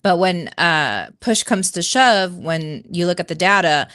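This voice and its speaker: A woman's voice: on the low side, lively intonation, a little slow, a bit bright, no room sound, clean studio sound. A woman from the United States, a panelist in a casual political debate, explaining her view earnestly with many fillers.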